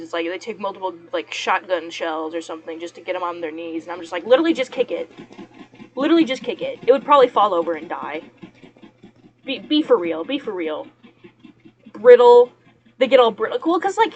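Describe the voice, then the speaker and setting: A young woman chatting casually to her viewers while she works, rambling and laughing often. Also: medium pitch. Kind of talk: casual chat while working.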